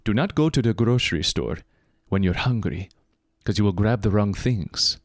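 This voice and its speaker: An earnest advice-giving man with a put-on accent, as a male podcaster imitates him. He talks slowly, a bit lower than the speaker's own voice, with a changed timbre. The sound is dry and close. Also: expressive, no room sound.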